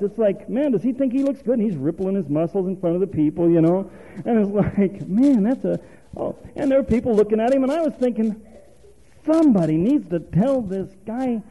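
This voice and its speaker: A man's voice: sits high, mellow, rough recording. A male preacher giving a folksy, conversational sermon, quizzing the congregation and chuckling often.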